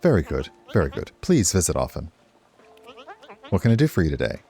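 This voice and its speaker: A man's voice: a bass voice, huge pitch swings, fairly quick, gravelly, dark tone, soft background music, exaggerated voice. A man voicing an elderly, courteous male town mayor in a cosy video game, with old-fashioned politeness. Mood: genteel.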